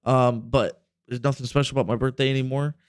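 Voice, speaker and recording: A man's voice: mid-range voice, fairly even intonation, fast talker, clean tone, no room sound, studio quality. A man in his twenties telling a rambling, profane story on a casual podcast. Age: 20s. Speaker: podcast host.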